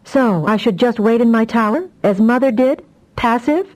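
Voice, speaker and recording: A woman voicing a dramatic, quick-tempered young woman telepath in an audiobook. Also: on the high side, darkish tone, pitched above the performer's own voice, close to an everyday voice. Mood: indignant.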